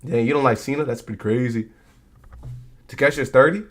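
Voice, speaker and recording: A man's voice: medium pitch, fairly quick. A young man hosting a live stream, chatting casually with his viewers about wrestling in a laid-back, slangy way. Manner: laid-back, slangy, talks straight to chat.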